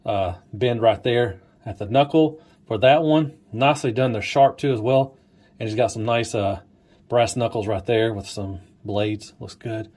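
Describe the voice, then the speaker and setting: A man walks through a toy's details in a relaxed, casual review. He is enthusiastic and keeps repeating his praise, often softening into a hushed, admiring tone. His voice sits at an ordinary middle pitch. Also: a little slow. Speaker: toy reviewer. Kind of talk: casual toy review walkthrough.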